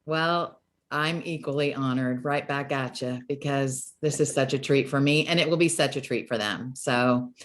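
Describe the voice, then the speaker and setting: A woman interviewing a guest, warm and encouraging, reading out listeners' questions. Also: very deep voice, normal speed. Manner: warm, encouraging, frequent agreement. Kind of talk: interview, short affirmations. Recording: video call.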